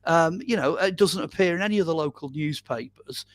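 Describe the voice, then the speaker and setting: A man with a slightly higher voice than most recounts a tale as a podcast guest, lively and full of "um"s and "you know"s. The recording is close and dry, with almost no room sound. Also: a little fast, no room sound. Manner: animated retelling with many "um"s and "you know"s. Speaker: guest storyteller on a paranormal podcast. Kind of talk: casual interview storytelling.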